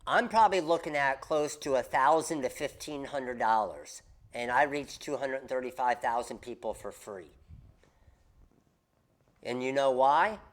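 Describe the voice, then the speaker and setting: A man hosting a casual craft business livestream, coaching viewers in an animated, emphatic way and repeating his key points. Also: medium pitch, unhurried.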